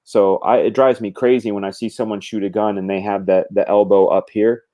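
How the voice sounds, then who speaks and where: A man's voice: on the low side, flat delivery, a little fast, dark tone. A middle-aged man in casual conversation, animatedly explaining drawing craft with gestures and quoted thoughts. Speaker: comic book artist guest.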